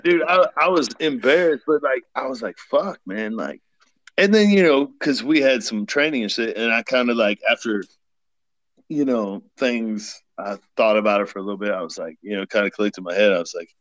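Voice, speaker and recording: A man's voice: mid-range voice, brisk, a bit bright, no echo, poor audio. A man who served as an army medic, chatting casually in a laid-back, rambling way with many fillers. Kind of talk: casual chat.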